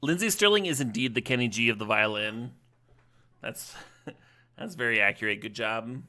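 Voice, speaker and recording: A man's voice: medium pitch, normal speed, bright, forceful tone. A male streamer giving casual, playful live commentary on a card game, laughing often and chatting with his viewers.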